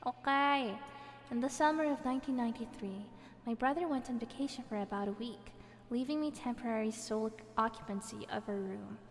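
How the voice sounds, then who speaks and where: A woman's voice: fairly high pitch, darkish tone. A woman, reading a viewer's horror story on a live stream, playful and breaking in with laughing comments. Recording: reverb effect added, faint background music.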